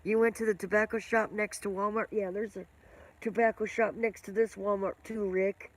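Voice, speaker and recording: A woman's voice: mid-range voice, fairly even intonation, normal speed. An older woman hosting a casual live stream, rambling and chatting with viewers by name, with a smoker's cough.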